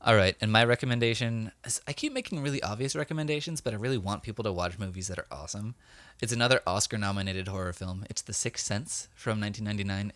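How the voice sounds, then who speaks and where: Low-voiced man hosting a film podcast. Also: a bit bright, no echo. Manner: brisk, runs the game. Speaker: podcast co-host and quizmaster. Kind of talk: casual podcast chat.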